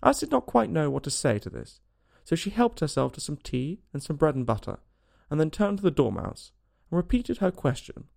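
A man narrating a storybook aloud in a lively, expressive way. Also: on the high side, a little fast, vocal fry.

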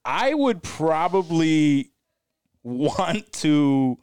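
A man's voice: on the high side, big pitch swings, drawn-out words, a little mellow, smooth, no room sound, studio quality. A man co-hosting a podcast, laughing often and swearing in loose, rambling banter. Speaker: podcast co-host. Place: studio.

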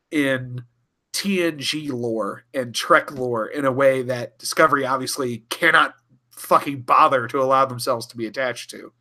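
Bright-voiced profane podcast guy. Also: a little high. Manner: rambling, profane, chuckling. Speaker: podcast co-host. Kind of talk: casual chat.

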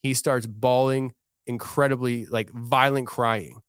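A man's voice: medium pitch, fairly even intonation, unhurried, clear, resonant tone, dry recording, studio quality. Earnest man telling a heartfelt story. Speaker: podcast guest. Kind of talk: casual podcast conversation. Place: podcast studio.

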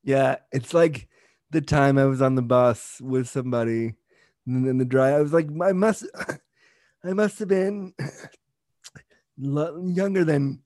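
A man's voice: medium pitch, slow, long pauses, a little mellow, no room sound, clean studio sound. A man hosting a casual interview, chatty and a little hesitant, often restarting his sentences. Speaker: interviewer host.

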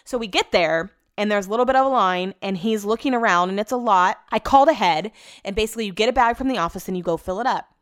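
A woman's voice: mid-range voice, fast, no room sound, clean studio sound. A young woman casually telling a rambling story from her home office, full of likes and restarts. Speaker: vlogger.

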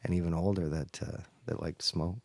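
A man with a very low voice co-hosts a relaxed podcast chat, quick to toss in a remark or a laugh. He is recorded dry and close to the mic. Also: gravelly, no room sound. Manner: chatty, quick to chime in and laugh. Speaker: podcast co-host. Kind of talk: casual chat.

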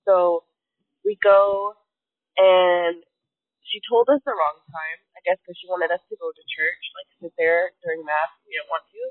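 A woman's voice: lowish voice, steady tone, a little slow, no echo. A young woman telling a story in a casual, rambling way, full of fillers. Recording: tinny phone-like clip.

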